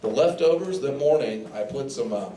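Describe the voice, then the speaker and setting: A man's voice: medium pitch, lively intonation, moderate pace, warm tone. Cowboy standup man, rambling and folksy, mid-range voice, recorded live in an echoey bar from a distance. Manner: folksy cowboy drawl, rambling, breaks into silly singing. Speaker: standup comedian. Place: bar and grill with live audience. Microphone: handheld mic.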